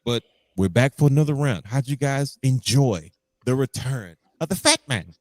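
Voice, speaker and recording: Animated man recounting with big swings. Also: mid-range voice, moderate pace, no echo. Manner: animated storytelling, acting out his own reactions. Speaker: podcast co-host. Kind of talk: casual podcast chat.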